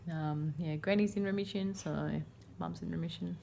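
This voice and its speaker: A woman's voice: fairly low pitch, steady tone, moderate pace, creaky, dark tone, a little hiss or hum. A woman in her thirties with an Australian accent, casually narrating a daily vlog from her home kitchen in a rambling, chatty way. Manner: chatty, rambling, many fillers. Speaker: vlogger.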